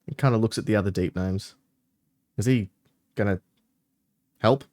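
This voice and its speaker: A man's voice: lowish voice, moderate pace, darkish tone. A man narrating a tabletop game as game master in a casual, filler-heavy way.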